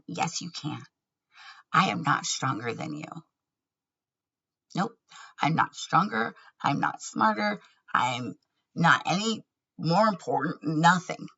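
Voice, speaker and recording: A woman's voice: low-pitched, lively intonation, slow pace, vocal fry, long pauses, sharp tone, slightly rough, highs cut off. A woman talking candidly in a personal vlog, earnest and laughing often between words. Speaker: vlogger.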